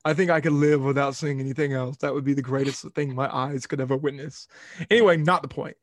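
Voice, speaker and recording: A young man hosting a sports podcast, telling a rambling, animated story in casual talk. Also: mid-range voice, fast talker, no room sound.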